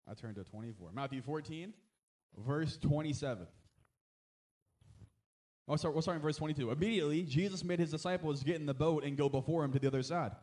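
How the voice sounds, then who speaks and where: A man's voice: fairly high pitch, darkish tone. A man preaching a sermon as a pastor, talking in a conversational way with frequent amens and asides, and rising to emphatic exhortation.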